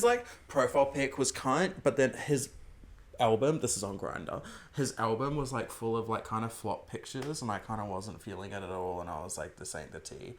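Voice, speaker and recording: A young man, co-hosting a podcast and telling a gossipy story full of camp slang. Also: mid-range voice. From Australia. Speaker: podcast co-host. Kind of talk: casual chat.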